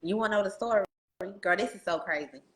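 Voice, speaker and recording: A woman hosting a casual podcast interview, telling stories in an animated, slangy way and talking to listeners as "y'all". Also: medium pitch, fast, reverberant. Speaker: podcast host.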